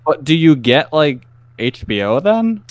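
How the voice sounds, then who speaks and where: Lively-voiced man cracking wry jokes. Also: fairly high pitch, a little slow, no room sound. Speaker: podcast co-host. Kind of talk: casual podcast chat.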